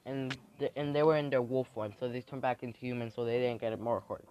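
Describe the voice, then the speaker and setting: Making up a fan story on the spot, a man rambles along, frequently restarting and saying um. He speaks briskly and flatly at a medium pitch, on a dull lo-fi recording.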